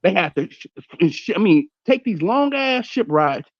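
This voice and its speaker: Man, animated host on an online panel, fairly high voice, dull dry call audio. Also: moderate pace, no room sound. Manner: animated, argumentative. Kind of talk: casual panel chat.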